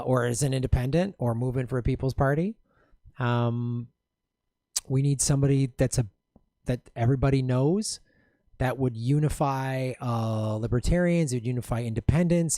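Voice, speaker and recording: A man's voice: medium pitch, mellow, no room sound, clean studio sound. A middle-aged man from the Midwest hosting a casual livestream, reading viewer comments aloud and riffing on them with frequent laughs. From Madison, Wisconsin, US Midwest. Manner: laughs often, reads comments aloud and riffs jokingly. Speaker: comedian host reading viewer questions.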